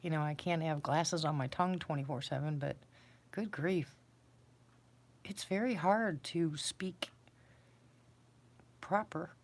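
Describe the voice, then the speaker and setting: A woman with a low, deep-set voice talks casually to her livestream viewers. She rambles and pokes fun at herself in an easygoing, chatty way. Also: slow, pauses often. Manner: rambling, self-deprecating, chatty. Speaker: livestream host. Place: sitting on a floor indoors.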